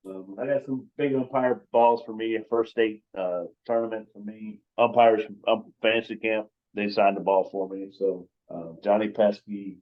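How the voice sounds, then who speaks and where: Brief: easygoing male guest, lowish voice, muffled lo-fi call audio. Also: steady tone, moderate pace, hardly any pauses. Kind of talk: casual interview chat. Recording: dull lo-fi sound.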